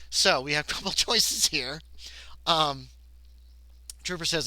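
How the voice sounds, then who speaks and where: A man's voice: mid-range voice, normal speed, no echo, rough recording. A man casually narrating a solo tabletop horror game on a livestream, reading passages aloud and chatting with viewers. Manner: chatty, reads text aloud, thinks out loud. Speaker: solo game player and streamer.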